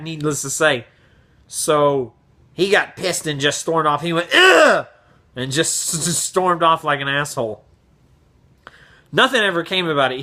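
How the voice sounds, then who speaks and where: A man vlogger telling a casual story in an animated, profane way, acting out the voices. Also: on the high side.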